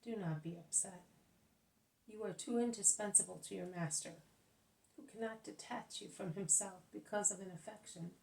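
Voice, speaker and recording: A woman voicing Jesus as a gentle, kindly male teacher in a spoken religious audiobook, with soft, measured speech. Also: lowish voice, gravelly, recorded from a distance. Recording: echoey room, voice off-mic.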